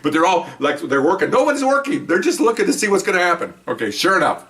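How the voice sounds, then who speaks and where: A middle-aged man telling rambling stories in a casual, animated way, acting out the people he quotes. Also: high-pitched, fast, recorded from a distance. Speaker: podcast host telling police stories. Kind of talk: casual storytelling.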